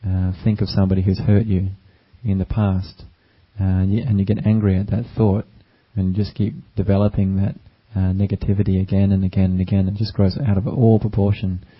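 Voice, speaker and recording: Low, monotone male meditation teacher. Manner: gentle, unhurried, with many fillers. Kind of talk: dharma talk. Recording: dull lo-fi recording.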